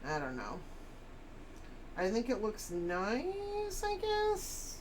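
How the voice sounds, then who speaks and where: A woman's voice: on the high side, wildly swooping pitch, drawn-out words, slight background noise. A woman chatting casually on a live stream, rambling and reading chat messages aloud.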